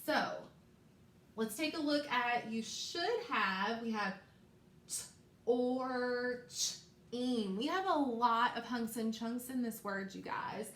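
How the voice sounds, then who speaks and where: A woman teacher leading a recorded phonics lesson for young children, slow and encouraging, repeating sounds for them to echo. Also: a little high, animated, fairly bright tone.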